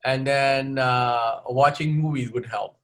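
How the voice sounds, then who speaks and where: A man's voice: mid-range voice, steady tone, slow, fairly bright tone. A man answering audience questions as the speaker of an online webinar, giving advice on learning English and often ending points with "okay?". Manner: advising, repeats "okay?" after points.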